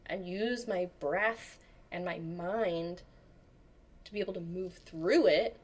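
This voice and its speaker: A woman chatting as an interview guest, animated, acting out the voices of people she quotes. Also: lowish voice, takes it slowly. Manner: animated storyteller, acts out quotes. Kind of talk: casual interview chat.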